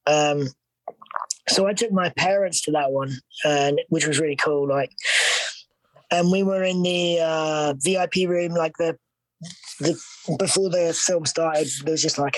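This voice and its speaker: A man's voice: fairly high pitch, no room sound, low-quality recording. Chatty British man telling stories. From United Kingdom. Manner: chatty storyteller, full of fillers and laughs. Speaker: guest actor. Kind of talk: casual podcast interview.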